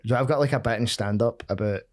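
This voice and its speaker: A man's voice: medium pitch, fast talker. A Scottish man, a comedian guest, joking and swearing in casual podcast chat and calling everyone mate.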